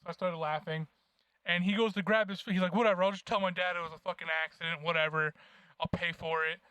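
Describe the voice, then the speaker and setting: A young man co-hosting a podcast, telling profane, animated stories in casual chat. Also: high voice, fast talker, clean tone, no room sound. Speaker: podcast co-host.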